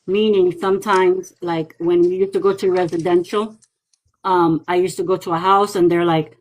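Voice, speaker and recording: A woman, a psychic medium guest, chatting casually and telling lively stories in which she acts out other people's voices. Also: fairly low pitch, moderate pace, poor audio. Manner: lively storyteller who acts out quoted voices. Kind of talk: casual livestream chat.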